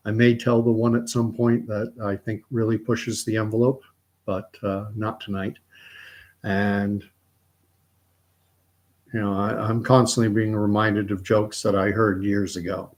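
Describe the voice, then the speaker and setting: A man from Canada hosting a casual joke-telling live stream, soft-spoken and rambling with many fillers. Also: on the low side. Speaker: joke-telling livestream host.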